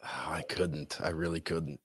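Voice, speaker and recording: A man's voice: extremely low pitch, fairly even intonation, measured pace, slightly rough, no room sound, clean studio sound. A man co-hosting a podcast, laid-back and mostly agreeing with the host. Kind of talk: casual chat.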